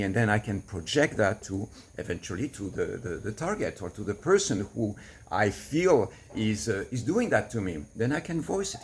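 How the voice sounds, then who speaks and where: A man coaching to camera, explaining in an earnest, patient way and laughing softly now and then. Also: fairly low pitch, very animated, normal speed, slight background noise. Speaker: relationship coach. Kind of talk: teaching to camera.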